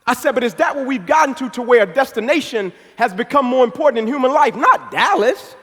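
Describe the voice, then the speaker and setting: High-pitched guy from atlanta giving a fired-up motivational speech, preachy build, big hall echo. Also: fast, a bit bright. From Atlanta, Georgia. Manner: emphatic, building to preacher-like cadence. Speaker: motivational speaker. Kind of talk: inspirational storytelling speech. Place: large event hall. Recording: long reverb of a large hall.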